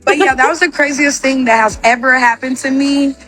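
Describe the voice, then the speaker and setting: A woman's voice: sits high, fairly even intonation, a bit bright, soft background music. A young woman telling a personal story in a casual storytime, rambling with constant "like" fillers. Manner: rapid, filler-heavy with constant "like".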